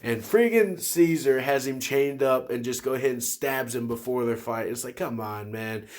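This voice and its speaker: A man's voice: mid-range voice, moderate pace, a little mellow. A man in his twenties hosting a solo podcast, talking casually and enthusiastically about movies, rambling with many restarts. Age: 20s. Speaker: podcast host.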